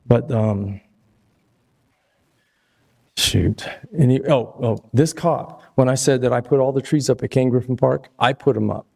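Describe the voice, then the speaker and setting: Older male resident at public comment, gravelly, dark-toned, rambling and aggrieved, at a podium mic in a city hall chamber. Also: medium pitch, measured pace, pauses often. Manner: rambling and aggrieved, loses his place.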